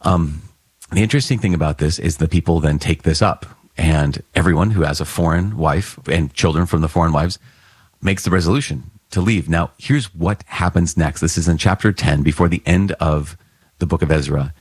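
A man preaches a homily in a very low, husky voice, talking through the readings in an earnest, conversational way. The recording is dry and close, with no room sound. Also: normal speed, no room sound. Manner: conversational, earnest, with fillers and light laughs. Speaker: priest.

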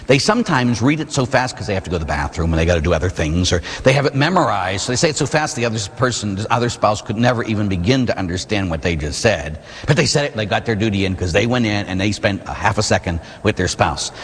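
A man, a Catholic priest, preaching an animated sermon that asks the listeners questions, recorded in a church. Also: on the low side, husky. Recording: long reverb in a large hall.

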